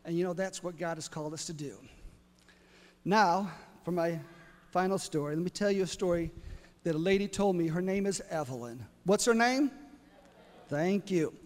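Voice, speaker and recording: Man, preacher, high voice, sermon storytelling, long church reverb. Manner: storytelling, rising to loud exclamations.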